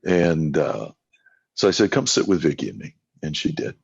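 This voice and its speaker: Rumbling low and sing-song, this evangelist speaks at a moderate pace with vocal fry and a slightly rough edge. As a podcast guest he spins folksy stories, voicing the quotes of the people in them, on a dry, dull lo-fi recording.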